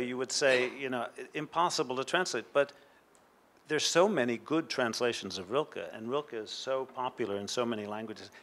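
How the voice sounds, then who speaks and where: A man's voice: medium pitch, fairly bright tone. A man speaking on an academic panel, explaining at length in a discursive way. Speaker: panelist at a literary roundtable.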